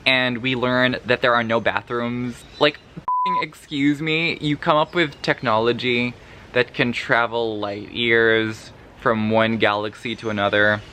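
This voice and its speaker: A man speaking a little slowly in a mid-range voice reacts to his reading on a casual book vlog, swearing and rambling in a sleepy but animated way from lack of sleep. Slight background noise can be heard.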